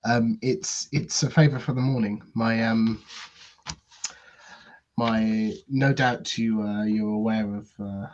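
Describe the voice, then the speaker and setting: A man putting on a smooth French hotel guest. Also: fairly low pitch, steady tone, a little mellow, muffled recording. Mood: confiding. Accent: put-on thick French. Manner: halting, overly polite, hesitant restarts.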